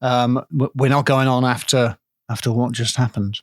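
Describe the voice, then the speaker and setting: A man voicing a gruff, flustered male coach driver who stammers out orders. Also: mid-range voice, fairly even intonation, normal speed, dry recording, clean studio sound, lightly acted.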